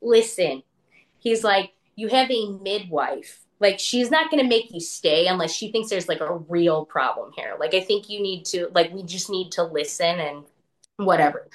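A woman recounting her own experience in a relaxed, talkative way. She leans on "like" and slips into quoting the people around her as she goes. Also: on the low side, moderate pace. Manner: chatty, full of "like", acts out what others said. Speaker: interview guest. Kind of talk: casual personal storytelling.

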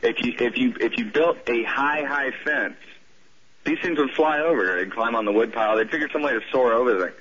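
Southern guy calling into a radio show, rambles and restarts a lot, mid-pitched voice. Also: fairly bright tone, slightly rough. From southern United States. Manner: rambling, halting, with many restarts. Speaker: caller. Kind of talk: call-in radio conversation. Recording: muffled radio broadcast audio.

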